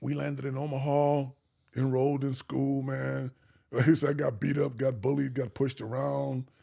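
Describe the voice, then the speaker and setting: A man from Arkansas telling an animated life story as a podcast guest, acting out the people he quotes and swearing freely. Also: medium pitch, normal speed, vocal fry. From Arkansas, USA.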